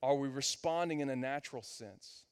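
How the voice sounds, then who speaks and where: A man preaching a sermon to his congregation as their pastor, building to loud, emphatic peaks. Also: mid-range voice, moderate pace, clear, resonant tone. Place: church sanctuary.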